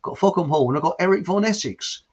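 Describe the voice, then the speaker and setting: This livestream host speaks in a high, animated voice at a quick pace, with a darkish and slightly rough tone. He reads viewer comments aloud and chats casually, rambling with loose restarts and chuckles, all over dull lo-fi stream audio.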